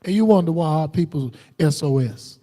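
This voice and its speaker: A man preaching a combative, defiant sermon on a livestream, jumping into sudden high outbursts. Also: animated, moderate pace, dark tone, slight background noise. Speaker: preacher streaming live.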